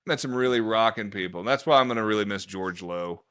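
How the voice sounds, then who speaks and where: A man hosting a podcast, chatting casually and telling stories with lively animation and plenty of swearing. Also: fairly low pitch, quick pace, clean tone. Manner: animated storyteller, swears freely. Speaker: podcast host. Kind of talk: casual chat.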